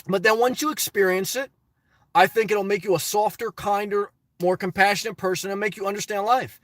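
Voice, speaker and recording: A man's voice: high-pitched, steady tone, a little fast, fairly bright tone, no echo. A man casually reading viewer comments and answering them bluntly, rambling with restarts. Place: lives in his car.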